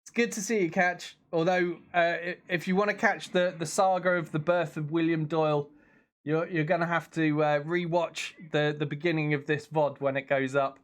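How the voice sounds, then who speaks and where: A man's voice: fairly high pitch, level tone, normal speed. Chatty man streaming a game at home. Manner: chatty, reacts aloud to the game and reads out chat. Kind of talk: casual live-stream commentary. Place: home room at his streaming computer.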